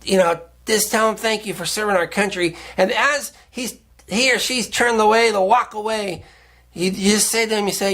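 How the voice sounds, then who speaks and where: Guy with a high bright voice just rambling on his own little access show, lots of restarts. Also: moderate pace. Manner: rambling, repeats and restarts words often. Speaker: public access show host. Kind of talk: casual rambling monologue to camera.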